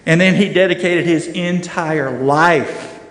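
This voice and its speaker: A middle-aged man teaching a church Bible class, animated and acting out the voices he quotes. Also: on the high side, slow pace. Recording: echoey room with long reverb.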